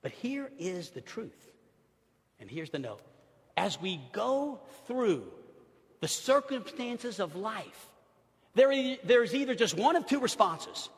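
Dramatic high-voiced preacher in a hall. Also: male voice, lively intonation, unhurried. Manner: dramatic, swings from loud exclamations to hushed near-whispers. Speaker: pastor. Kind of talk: sermon.

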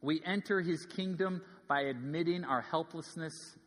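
A man in his thirties preaches with a high, bright-toned voice that carries through a large church sanctuary, and a long reverb trails each phrase. He tells stories earnestly, swinging from ringing emphasis to hushed asides. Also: a little slow. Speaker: pastor. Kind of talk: sermon.

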